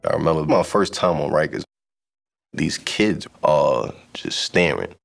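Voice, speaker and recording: Very deep gravelly New man. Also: expressive, measured pace, faint music behind. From Brooklyn, New York. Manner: storyteller, acts out dialogue. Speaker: interviewee telling his story. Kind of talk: personal testimony.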